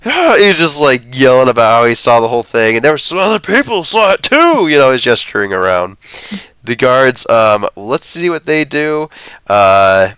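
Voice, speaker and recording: A man's voice: mid-range voice, very animated, moderate pace, a bit bright, smooth, no echo. A man running a tabletop game as dungeon master, narrating casually with frequent laughs and fillers. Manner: chatty, laughs often, many fillers.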